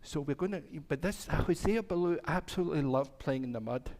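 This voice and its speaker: A man's voice: on the high side, lively intonation, brisk, a little mellow. A male minister telling a story to the children at a church service, acting out the voices and asking them questions. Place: congregation hall.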